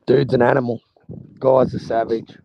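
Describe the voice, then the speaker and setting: A man calling into a live stream, excited, blunt and swearing freely. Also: mid-range voice, moderate pace, creaky, highs cut off, slight background noise. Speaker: guest caller. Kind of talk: casual chat.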